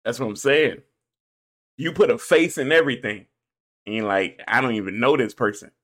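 A man's voice: medium pitch, moderate pace, fairly bright tone. A man co-hosting a casual in-person podcast, laughing often and acting out little skits in put-on voices. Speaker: podcast co-host. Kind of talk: casual chat. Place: in-person studio conversation.

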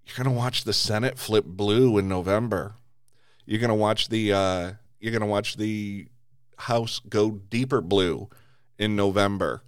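A man's voice: fairly low pitch, steady tone, measured pace, clear, resonant tone, dry recording, clean studio sound. A man hosting a podcast, delivering an angry political rant full of swearing and stumbling restarts. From United States. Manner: heavy swearing, repeated restarts.

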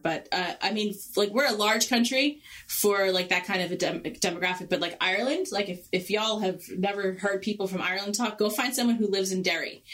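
A woman from Long Island with a Long Island New York accent, co-hosting a podcast in animated casual chat. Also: mid-range voice. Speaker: podcast co-host.

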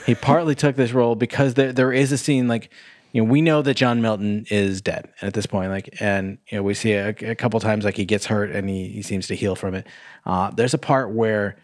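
A man's voice: lowish voice, steady tone, fairly quick, no echo, clean studio sound. A young man co-hosting a podcast, chatting casually through a movie review, rambling with lots of filler words, cursing and laughing often. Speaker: podcast co-host.

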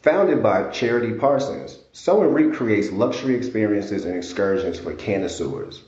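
A man reading a scripted sponsor message in a smooth, even delivery. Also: lowish voice, normal speed. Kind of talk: sponsor read. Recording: dull, roomy, lightly noisy.

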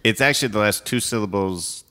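A man co-hosting a podcast, chatting casually, giving playful drawn-out hints with frequent laughs. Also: fairly low pitch, sharp tone. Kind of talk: casual chat.

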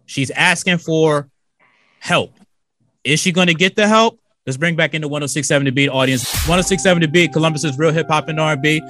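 A man's voice: a little high, fairly bright tone. Slangy, cursing male radio host. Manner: loose, profane, slangy. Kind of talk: casual radio talk. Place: radio studio.

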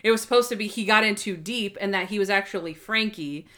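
A woman's voice: mid-range voice, quick pace, bright, forceful tone. A young adult woman co-hosting a casual podcast chat, talking animatedly and acting out characters' lines. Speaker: podcast co-host.

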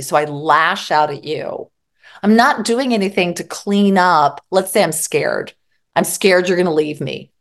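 A woman psychologist giving direct advice in an interview, acting out examples of what people say to themselves. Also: on the low side. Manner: direct, acts out quoted self-talk. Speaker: psychologist guest.

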